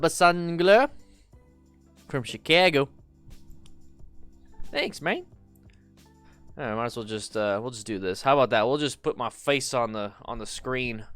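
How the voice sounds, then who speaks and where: A man's voice: mid-range voice, fairly bright tone, clear, resonant tone, dry recording. A tired, just-woken man hosting a casual live stream about motorcycles, chatting loosely, greeting viewers and humming to himself. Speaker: motorcycle channel host.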